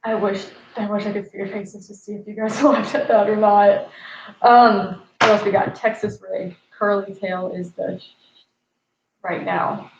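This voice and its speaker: A woman's voice: medium pitch, little pitch movement, a little slow, background noise. A woman in her twenties hosting a fishing live stream, chatting casually, reading viewer comments aloud and laughing at her own jokes. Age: 20s. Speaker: fishing channel host. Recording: echoey, slightly dull live-stream audio.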